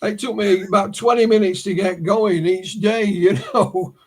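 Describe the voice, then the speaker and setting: A man speaking with a northern English accent, invited onto a podcast as a researcher, relates a case as a story and restarts his words often. His voice sits high, steady in tone and moderate in pace.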